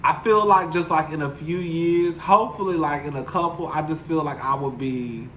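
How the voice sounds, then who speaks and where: A man's voice: on the high side, normal speed, sharp tone, slight background noise. A man chatting candidly and emotionally to his viewers in a casual, profane vlog, speaking from his apartment. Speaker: YouTube commentator. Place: home apartment. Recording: roomy echo.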